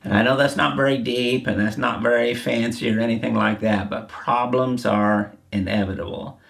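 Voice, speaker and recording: A man's voice: medium pitch, fairly even intonation, moderate pace, creaky, a bit bright. A man preaching a sermon, earnest and repeating key phrases for emphasis. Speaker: pastor.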